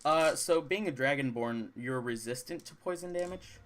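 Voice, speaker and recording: A young man narrating as dungeon master, describing the fight in lively detail and calling for rolls. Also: medium pitch, normal speed. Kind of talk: narrating a tabletop game.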